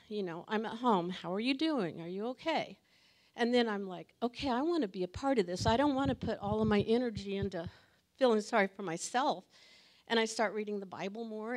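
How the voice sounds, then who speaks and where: A woman sharing a personal testimony at a church gathering, talking earnestly and emotionally and laughing now and then. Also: on the high side. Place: church meeting room with audience.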